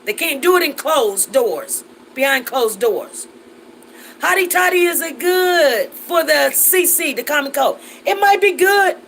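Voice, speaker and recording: Chatty, high-voiced woman host. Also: lively intonation, unhurried, creaky, a bit bright, slight background noise, poor audio. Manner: chatty and laughing, with Southern Black American vernacular. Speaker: live stream host reading viewer comments. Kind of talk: casual live chat.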